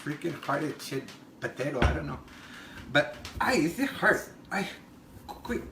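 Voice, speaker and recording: A man's voice: fairly high pitch, lively intonation, unhurried, vocal fry, roomy sound, noisy background. A man playing a brassy cooking lady. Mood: chatty. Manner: gossipy, chatty, crude asides, giggly. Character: brassy middle-aged Mexican-American woman home cook. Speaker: cooking show host. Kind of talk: comedic cooking demonstration. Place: home kitchen.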